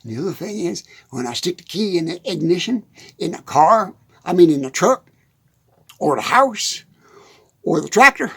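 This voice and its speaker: A man with a husky, slightly breathy voice and a drawl, joking his way through a loose country comedy ramble. He laughs through his sentences and trips over words. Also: high-pitched, sing-song, normal speed, long pauses, fairly bright tone. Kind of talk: rambling comic monologue. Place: hot dusty shed.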